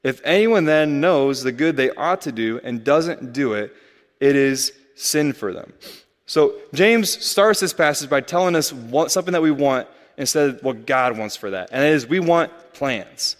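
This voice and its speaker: A man's voice: medium pitch, lively intonation, normal speed, big-room sound. A young adult man preaching a sermon in a casual, conversational way, often asking the listeners rhetorical questions. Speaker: pastor.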